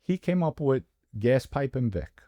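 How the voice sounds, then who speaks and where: A man's voice: mid-range voice, very animated, unhurried, warm tone, dry recording, clean studio sound. A man, the guest, recounting memories and stressing key words by repeating them. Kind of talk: conversational interview.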